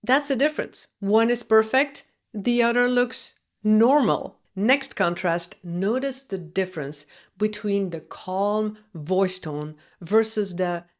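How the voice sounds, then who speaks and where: A woman giving video commentary as a communication coach, speaking in a measured, deliberate way. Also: medium pitch.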